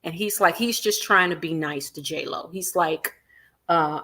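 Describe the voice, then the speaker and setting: A woman hosting a celebrity gossip livestream, animated and emphatic, repeating her points and reading viewer comments aloud. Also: lowish voice, unhurried. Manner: animated, acts out quotes in other voices, reads viewer comments aloud; emphatic repetition.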